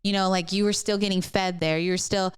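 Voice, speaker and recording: A woman's voice: mid-range voice, little pitch movement, a little fast, clean tone, dry recording. A middle-aged woman, a pastor co-hosting a podcast, telling a personal story in casual chat with many fillers and restarts. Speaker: co-host pastor.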